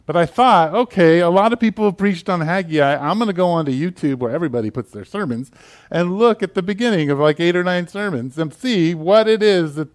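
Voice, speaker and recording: A man with a Southern US accent, preaching a sermon in a casual, animated way with prayer. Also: sits high, fairly quick. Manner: conversational, animated, with fillers and asides. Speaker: pastor.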